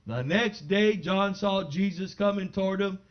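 A man with a high voice preaches to his congregation in a church, moving between easy conversational asides and loud, fervent proclamations. The recording sounds dull and lo-fi, with the top end muffled. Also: unhurried. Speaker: pastor. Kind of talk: sermon. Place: church sanctuary.

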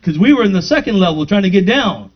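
A man's voice: high-pitched, sing-song, fast talker. A man preaching, telling a personal story to his congregation and acting out the dialogue, then building to fervent praise. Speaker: pastor. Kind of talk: sermon testimony. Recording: dull lo-fi recording.

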